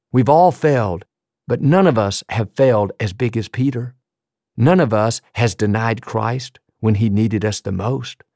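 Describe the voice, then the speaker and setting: A man's voice: mid-range voice, creaky, a little mellow, dry recording, studio quality. A man preaching a sermon, telling a story earnestly and acting out the quoted lines. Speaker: pastor.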